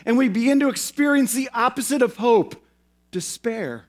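A male pastor preaching a sermon in an earnest way, slowing down and repeating phrases for emphasis. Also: very high-pitched, expressive.

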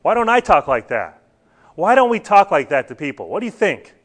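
A man's voice: high voice, big pitch swings, fairly quick, a bit bright. A man teaching a church Bible class, talking earnestly and putting questions to his students.

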